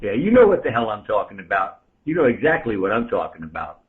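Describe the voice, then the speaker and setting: A man's voice: on the low side, sing-song, fast talker. A man from the Bronx, a ham radio operator, ranting bluntly on air and calling out listeners by name. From the Bronx, New York. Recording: tinny radio transmission.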